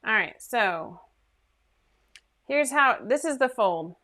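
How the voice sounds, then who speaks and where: Slow and expressive, with a slightly high voice and sharp tone, a woman runs a casual sewing livestream from the sewing room in her home. She chats ramblingly and self-deprecatingly into her computer microphone.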